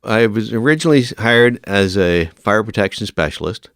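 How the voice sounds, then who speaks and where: Deep-voiced man telling stories, crisp dry sound. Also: normal speed, no echo. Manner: lively storyteller who acts out quoted dialogue. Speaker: podcast guest, veteran firefighter. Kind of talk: casual storytelling interview.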